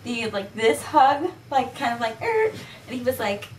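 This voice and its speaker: Teen girl vlogger, rambling giggly storyteller, somewhat high voice, faint room hiss. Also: normal speed, echoey room, far from the mic, poor audio. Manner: giggly, rambling with many "like" fillers. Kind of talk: casual chat.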